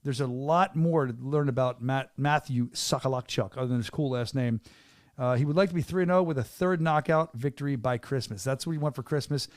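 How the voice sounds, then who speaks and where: Fast-talking excitable man hosting a podcast. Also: mid-range voice, dry recording, clean studio sound. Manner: excitable hype-man delivery. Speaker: podcast host and venue announcer. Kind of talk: casual podcast chat. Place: small studio.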